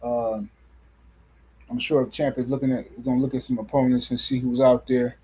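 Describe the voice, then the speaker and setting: A man's voice: mid-range voice, level tone, normal speed, warm tone, slightly rough, low-quality recording. A man hosting a casual boxing livestream, reading super chats and ranting in slangy, repetitive talk. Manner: slangy, repeats himself, rants and reads super chats.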